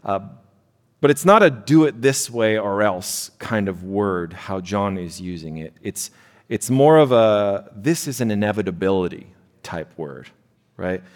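A man preaching a sermon in a conversational way, often checking in with his listeners with a quick "right?". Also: lowish voice, animated, in a large hall. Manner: conversational preaching, frequent "right?" tag questions. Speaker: pastor.

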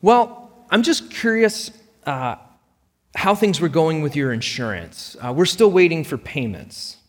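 A man's voice: a little high, sing-song, unhurried, big-room sound, pitched above the performer's own voice. Man doing a nervous, awkward billing clerk woman. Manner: hesitant, filler-heavy, apologetic.

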